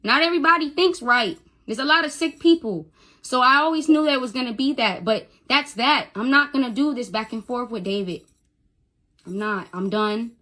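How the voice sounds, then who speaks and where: A young woman talks into her phone on a livestream, her voice bright and sharp and sitting a little high. She stumbles and repeats words, swearing as she pushes through an emotional monologue. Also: moderate pace. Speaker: social media livestreamer.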